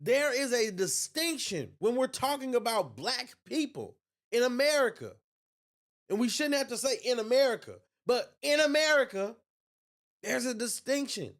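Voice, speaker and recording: A man's voice: extremely high pitch, sing-song, normal speed, fairly bright tone. Heated man mocking in casual commentary. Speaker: host reacting to a clip.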